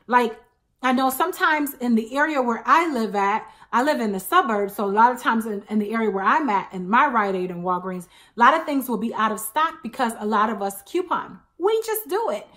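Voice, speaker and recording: A woman in her thirties, a couponing vlogger, chats casually to the camera, telling stories full of emphatic asides. Her voice is a little high and a bit bright.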